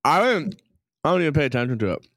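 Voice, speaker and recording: Male podcast host, blunt and profane, slightly high pitch, dry close sound. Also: sing-song, fast, fairly bright tone, no echo. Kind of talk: casual chat while watching a game.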